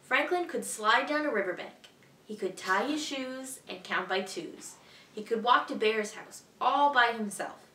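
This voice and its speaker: A woman teacher reading a children's picture book aloud in a clear, expressive, evenly paced way. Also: fairly high pitch, a little slow, far from the mic, a little hiss or hum. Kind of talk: storybook read-aloud for children. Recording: echoey room, voice a bit off-mic.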